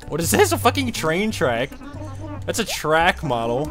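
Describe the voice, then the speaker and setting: A young man giving casual, profane commentary while streaming a game, with frequent loud outbursts. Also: a little high, big pitch swings, normal speed, music in the background. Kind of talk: casual live gameplay commentary.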